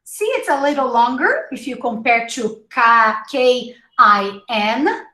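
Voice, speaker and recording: A woman teaching English pronunciation in a live online class, slowly modeling each word and repeating it. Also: a little high, expressive, sharp tone, reverberant, rough recording. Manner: slow, drawn-out modeling of words with repetition.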